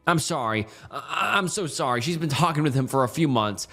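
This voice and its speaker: A man's voice: medium pitch, big pitch swings, slow, fairly bright tone, soft background music. A man voicing a scared, guilty teenage girl who stammers and keeps apologizing. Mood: tearful.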